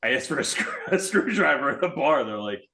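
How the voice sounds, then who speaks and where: A man's voice: mid-range voice, very animated, brisk, sharp tone. A man from Delaware County, Pennsylvania, a band member, joking and laughing in a casual chat.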